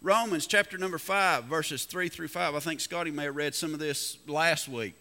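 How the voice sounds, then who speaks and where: A man preaching a sermon as pastor, reading scripture slowly and building emphasis. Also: a little high, pushed and bright, in a large hall. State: coughing, slightly hoarse.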